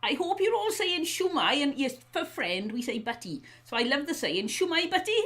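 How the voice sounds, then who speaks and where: A woman's voice: high voice, sing-song, brisk, fairly bright tone. A Welsh woman co-hosting a casual live stream, chatty and playful, explaining things like a friendly teacher. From South Wales.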